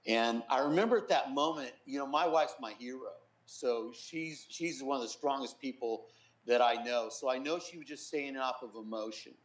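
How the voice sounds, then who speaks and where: A middle-aged man, a pastor, giving an earnest personal testimony in an interview, softly quoting others as he tells it. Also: medium pitch, normal speed, echoey room, poor audio. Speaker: pastor and guest.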